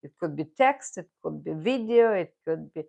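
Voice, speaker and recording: A woman with a Russian accent, chatting casually with viewers on a livestream, halting with many fillers and restarts. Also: lowish voice, lively intonation, creaky, dark tone. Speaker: livestream host.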